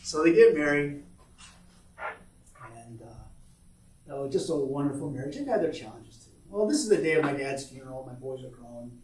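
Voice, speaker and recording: A middle-aged man giving a workshop talk, telling family stories in a voice that drops quiet and then jumps to loud, excited bursts. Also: medium pitch, normal speed, pauses often. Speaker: workshop presenter. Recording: roomy echo, distant mic, faint background noise.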